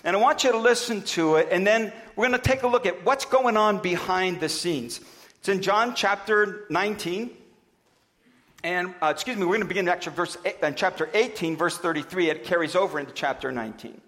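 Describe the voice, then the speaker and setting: A high-voiced man preaching in a conversational way. He reads scripture aloud and stumbles into the odd restart as he goes. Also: a little fast, a bit bright. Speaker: pastor. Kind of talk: sermon with scripture reading.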